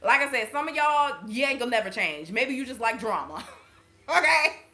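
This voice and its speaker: A woman's voice: fairly high pitch, animated, moderate pace, bright, forceful tone, echoey room. A woman hosting her channel and giving a casual spiritual reading to viewers, talking bluntly and swearing freely between laughs. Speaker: intuitive reader and channel host.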